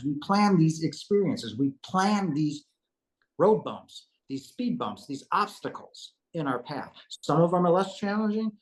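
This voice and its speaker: A man's voice: mid-range voice, poor audio. A man giving an earnest spiritual testimony as an interview guest, emphatic, repeating himself and asking "right?" as he goes.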